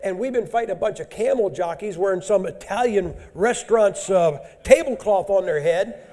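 Blunt, high-voiced preacher. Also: male voice, moderate pace, mellow. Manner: blunt, emphatic, folksy. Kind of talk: sermon.

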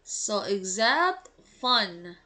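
A woman, an English teacher slowly reading quiz items and giving the answers, pronouncing each word with care. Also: mid-range voice, big pitch swings, sharp tone. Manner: slow, deliberate, enunciates each word.

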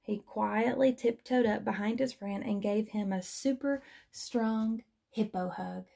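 A woman teacher reading a children's storybook aloud in a gentle, expressive manner. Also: medium pitch, unhurried, gravelly.

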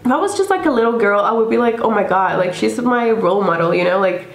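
A woman's voice: medium pitch, lively intonation, quick pace, gravelly. A young woman hosting a casual music reaction video, gushing and effusive, filling her talk with "like" and "literally.". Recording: echoey room with music playing. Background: faint music.

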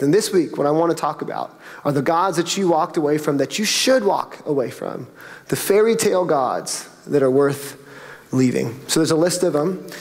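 Guy preaching, kinda high voice, chatty then punchy, big reverby church room. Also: darkish tone. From South Florida. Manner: conversational preaching with rising, emphatic peaks. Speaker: pastor. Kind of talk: sermon. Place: church auditorium. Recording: long reverb of a church hall.

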